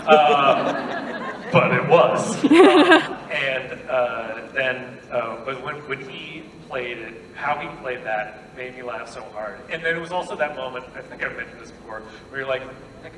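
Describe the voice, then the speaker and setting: Animated man on a convention panel, echoey hall. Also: medium pitch, moderate pace. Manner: playful, self-deprecating, laughs often. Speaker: convention panel guest actor. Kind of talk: live convention Q&A, animated storytelling. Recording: echoey hall recorded from far off, noisy.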